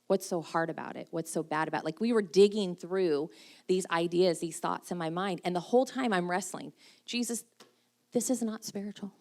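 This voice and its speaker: A woman's voice: on the low side, fairly quick, vocal fry, darkish tone. A middle-aged woman giving a casual, self-deprecating talk at a church women's breakfast, laughing often as she speaks. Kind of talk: casual sermon.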